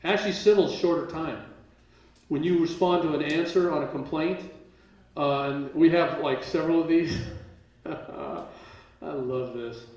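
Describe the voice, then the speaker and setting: A man with a slightly high voice keeps a measured pace while storytelling at a live seminar, voicing other people's lines with animation and laughing from time to time. The large room and distant mic give the recording a roomy echo.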